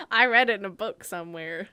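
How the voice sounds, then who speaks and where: A woman co-hosting a casual group podcast chat, playful and quick to laugh. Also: medium pitch, sharp tone, clean tone, dry recording. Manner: giggly, playful, laughs often. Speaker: podcast co-host.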